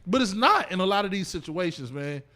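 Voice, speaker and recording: Podcast host guy, high bright voice, animated, keeps cutting himself off. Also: brisk, slight background noise. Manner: animated storytelling, trailing off mid-thought. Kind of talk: casual podcast chat.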